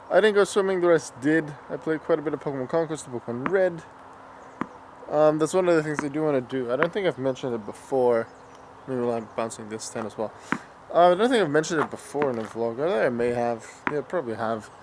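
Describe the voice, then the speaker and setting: A man's voice: fairly high pitch, noisy background. A young man in his twenties talking casually in a daily vlog, rambling and thinking aloud as he goes. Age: 20s. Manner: rambling, thinking aloud with fillers and self-corrections. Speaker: vlogger.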